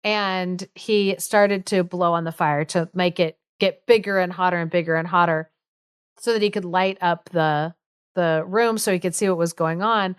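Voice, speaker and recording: A woman's voice: on the low side, steady tone, normal speed, smooth, dry recording, clean studio sound. A woman co-hosting a podcast, retelling a folk tale in a chatty, giggly way that is full of fillers. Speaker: podcast co-host. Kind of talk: casual storytelling chat.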